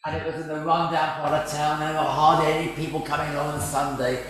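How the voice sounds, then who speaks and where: A man's voice: on the high side, flat delivery, fast talker, a bit bright. A man preaching a sermon, a chatty, self-deprecating storyteller. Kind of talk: sermon with humour. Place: large church. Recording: very echoey church.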